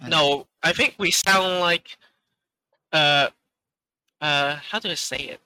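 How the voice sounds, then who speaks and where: A man's voice: a little high, takes it slowly, pushed and bright, smooth, no echo, low-quality recording. A man co-hosting a casual podcast over a voice call, teasing his friends with jokes. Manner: teasing, jokey. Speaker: podcast co-host. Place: online voice call.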